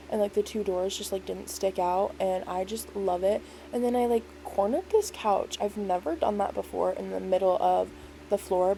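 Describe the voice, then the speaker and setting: A woman's voice: mid-range voice, dark tone, slight background noise, poor audio. A woman casually narrating a voice-over walkthrough of a game build, rambling and easygoing, with lots of "like" and "um". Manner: rambling, filler-heavy, lots of "like" and "um"; self-deprecating, easygoing.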